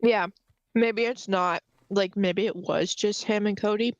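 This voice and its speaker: A young adult woman co-hosting a casual podcast chat, talking loosely with many fillers and quick bursts. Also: mid-range voice, steady tone, dull audio. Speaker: podcast co-host. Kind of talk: casual discussion of a web serial.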